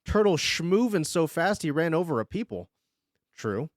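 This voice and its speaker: A man talks casually through a live stream, joking and laughing as he reacts. His pitch is a touch high and swings widely when he gets excited. The sound is dry, with almost no room in it. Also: moderate pace, dry recording. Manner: playful, jokey, laughs often, bursts of excitement. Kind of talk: casual live-stream commentary while drawing.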